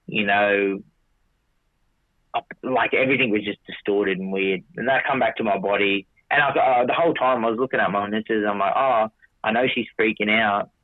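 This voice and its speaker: Brisk and lowish-voiced, a male podcast guest spins a long, casual story full of restarts, swearing, and quotes of his own dialogue. The audio has no echo and sounds dry, tinny, and phone-like.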